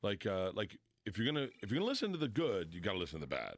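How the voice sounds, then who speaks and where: A middle-aged man, a guest on a podcast, telling stories in an animated, self-deprecating way, with heavy swearing and acted-out voices. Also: on the low side, very fast. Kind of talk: casual storytelling.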